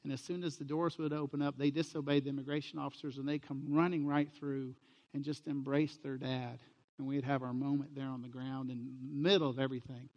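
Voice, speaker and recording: A man's voice: mid-range voice, a little fast, big-room sound, dull audio. A middle-aged man, a pastor, preaching a sermon and telling stories, livening them with quoted voices. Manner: storytelling, animated with quoted voices.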